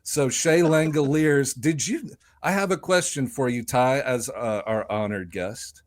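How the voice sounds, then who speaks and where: A man's voice: medium pitch, measured pace. A man co-hosting a casual fantasy sports podcast. He rambles and jokes, and he swears casually. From lives in Nashville. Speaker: podcast co-host.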